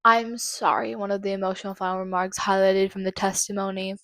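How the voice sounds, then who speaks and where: A woman hosting her own channel, reading out trial quotes haltingly and breaking into angry, swearing commentary. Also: medium pitch, level tone, a bit bright, no echo. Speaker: channel host. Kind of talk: true-crime commentary.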